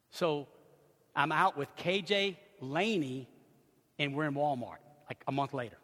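Older guy preaching, bright forceful voice, acts out stories, echoey big church. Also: a little high, measured pace. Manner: animated storytelling, acts out loud screams. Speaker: pastor. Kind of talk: sermon.

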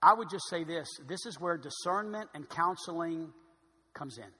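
A man preaching a sermon as pastor, swinging between loud emphatic stretches and quiet asides. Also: on the high side, normal speed, breathy edge. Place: church sanctuary. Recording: long hall reverb.

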